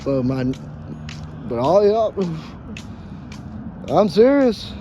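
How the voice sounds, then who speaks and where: A man's voice: high voice, very animated, extremely slow, warm tone, a little hiss or hum. Profane man rambling outdoors. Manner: profane, emphatic, dramatic and joking. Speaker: vlogger. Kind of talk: casual rambling monologue.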